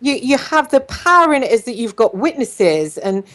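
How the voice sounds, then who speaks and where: A woman psychotherapist hosting a show, telling stories in a casual, rambling way with many pauses and restarts. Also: a little high, sing-song, a bit bright. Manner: storytelling, many ums and restarts. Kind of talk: casual group chat.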